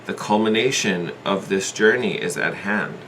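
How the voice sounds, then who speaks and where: Speaking at a normal speed with a fairly low, fairly bright voice, this tarot reader muses aloud through a laid-back reading, hedging and repeating himself while staying sincere and supportive. A little background noise can be heard.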